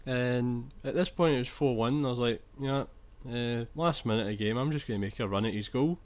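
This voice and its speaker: A young gaming commentator with a medium-pitched voice talks a little fast over his football video game footage. He's chatty, restarts sentences, and swears when something annoys him.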